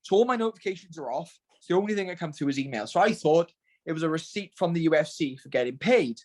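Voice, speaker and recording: A young man talks fast and high as he rattles off stories, laughing and swearing in slangy chat. He is a guest heard over a call. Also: expressive, a little mellow. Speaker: guest fighter. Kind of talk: casual podcast chat.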